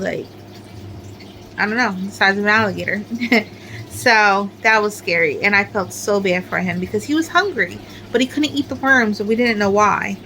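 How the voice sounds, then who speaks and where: A woman's voice: medium pitch, bright, forceful tone, slight background noise, rough recording. A middle-aged woman chatting casually as she shows off her crochet work, rambling with lots of filler words. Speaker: crochet crafter showing her amigurumi. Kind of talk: casual show-and-tell chat.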